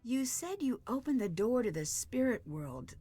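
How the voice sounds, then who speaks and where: A curious young female detective in a mystery video game. She asks earnest, polite questions in a slightly high voice. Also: sing-song, moderate pace, dark tone, slightly rough, no echo, faint music behind. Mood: inquisitive.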